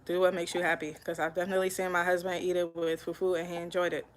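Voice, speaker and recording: A woman's voice: fairly low pitch, level tone, fast talker, rough recording. Chatty woman hosting a live cooking stream. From Liberia. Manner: chatty, answers viewer comments as she cooks. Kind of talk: casual live-stream chat. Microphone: phone.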